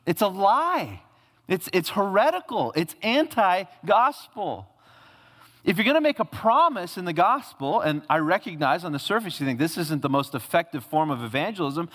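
Guy preaching a sermon, kinda high voice, goes loud then real quiet, big echoey hall. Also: sing-song, normal speed. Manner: emphatic preaching with wide swings from loud high peaks to low hushed lines; acts out quoted voices in a casual tone. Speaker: pastor. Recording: reverberant hall.

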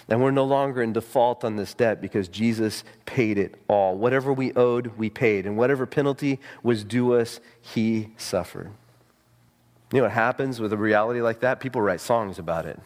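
Brief: male preacher mid-sermon, soaring emphatic peaks and quiet low drops, long hall reverb. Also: moderate pace. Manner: rises to high ringing emphasis, drops to hushed low tones.

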